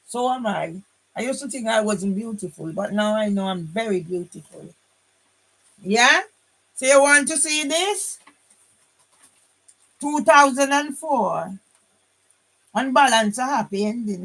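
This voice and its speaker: A woman's voice: a little high, rough recording. An older woman vlogs to her phone camera in a combative, rambling way. She restarts her sentences and keeps throwing in a challenging "yeah?". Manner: combative, repeats tag question "yeah?". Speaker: vlogger. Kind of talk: casual monologue to camera.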